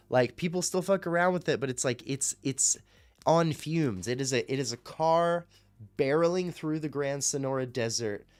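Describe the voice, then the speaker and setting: A man's voice: mid-range voice, no room sound. Profane, rambling male radio host. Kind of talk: casual livestream chat.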